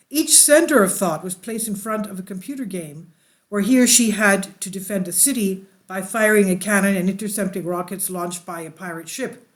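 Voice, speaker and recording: A woman with an alto voice, a church leader telling a personal testimony and reading an article aloud, unhurried and rambling. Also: mid-range voice.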